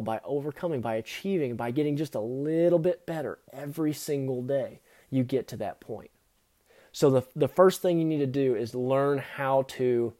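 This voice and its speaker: A man's voice: mid-range voice, mellow. A man hosting a podcast, delivering an earnest motivational monologue that speaks straight to the listener. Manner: earnest, speaks straight to the listener with repeated second-person questions. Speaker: podcast host.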